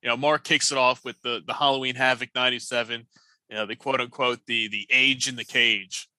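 A man's voice: medium pitch, fairly even intonation, a little fast, bright, forceful tone, no echo. A man acting as guest judge on a podcast, talking in an easygoing way. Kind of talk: casual chat.

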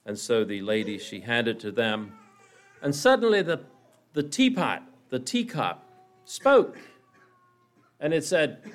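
A male preacher tells a parable in a slow, dramatic storytelling style. His pitch rises and falls widely as he draws the story out. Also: sing-song. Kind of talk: sermon storytelling.

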